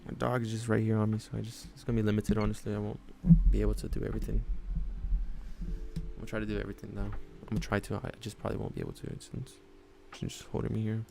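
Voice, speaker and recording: Against background noise, a man with a fairly low, creaky voice talks fast in a completely flat delivery. He's live-streaming his day trading from his home desk with his dog on his lap, chatting casually about chart levels as he thinks aloud, often adding "honestly" and "man."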